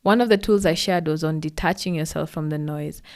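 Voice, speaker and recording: Give me a woman hosting a podcast with a lowish voice, reading her linking narration at an even, measured pace. She sounds composed and prepared. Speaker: podcast host. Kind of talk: scripted narration.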